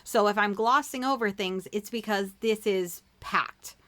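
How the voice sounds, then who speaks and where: A woman's voice: medium pitch, a little slow, a bit bright, no room sound. Female podcast co-host, mid-range voice, self-deprecating and chatty, dry sound. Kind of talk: casual podcast chat.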